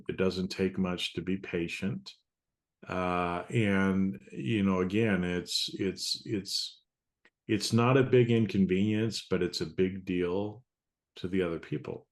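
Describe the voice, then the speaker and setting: Podcast host guy, lower voice, rambles and restarts a lot, casual. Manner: rambling, halting, restarts sentences. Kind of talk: casual conversation.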